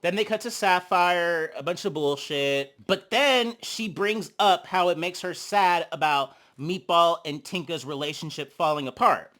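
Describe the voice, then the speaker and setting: Sassy gossipy recap host, bright voice. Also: a little slow, few pauses. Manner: sassy, gossipy, swears a lot, acts out quotes; big swings in pitch and loudness when reacting. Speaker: reality show recap host. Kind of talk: casual commentary.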